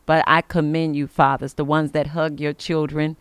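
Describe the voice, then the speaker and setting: Woman podcast host, smooth and resonant, preacher-style encouragement, dry close mic. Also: deep voice, little pitch movement, normal speed, no room sound. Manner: emphatic, preacher-like, giving blessings. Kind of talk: inspirational faith podcast monologue.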